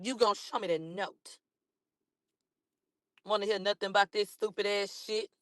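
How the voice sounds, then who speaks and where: A hoarse woman from a cold, ranting combatively and profanely at critics on a livestream, repeating herself. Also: mid-range voice, steady tone, normal speed, a bit bright, no echo, studio quality. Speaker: livestream host. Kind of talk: heated livestream rant.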